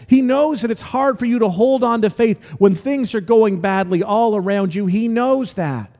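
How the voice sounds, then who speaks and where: A man preaching a sermon as pastor, lively and acting out the voices he quotes. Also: high voice, in a large hall. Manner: animated, acts out quoted voices.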